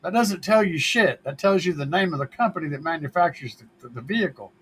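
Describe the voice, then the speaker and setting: Husky-voiced man, laid-back and profane. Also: a little high, expressive, fast talker, poor audio. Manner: laid-back, joking, swears freely. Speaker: car audio show host. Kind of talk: casual livestream chat answering viewer questions.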